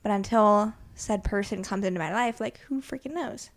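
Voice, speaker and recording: A woman's voice: medium pitch, moderate pace. Young woman just chatting, rambly, tons of likes. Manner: chatty, filler-heavy, lively. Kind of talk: casual chat.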